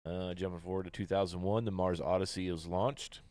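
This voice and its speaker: A man's voice: low-pitched, fairly even intonation, brisk, a little mellow, dry recording. A man with a Midwestern American accent co-hosting a casual podcast, reading history facts in a loose way and swearing freely. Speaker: podcast co-host.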